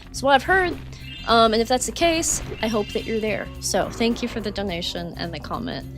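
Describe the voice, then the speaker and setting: A woman's voice: on the high side, normal speed, over music. A woman streaming a game live, chatting casually and rambling with lots of fillers, effusive toward her viewers. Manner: chatty, rambling, frequent fillers, reads chat aloud. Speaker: gaming streamer. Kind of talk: casual live-stream chat while playing.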